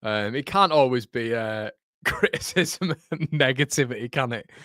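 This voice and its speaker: A man's voice: mid-range voice, animated, normal speed, fairly bright tone, no room sound, clean studio sound. Giggling man calling a match. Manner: casual, chatty, keeps breaking into laughter. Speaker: host. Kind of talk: live football watchalong commentary.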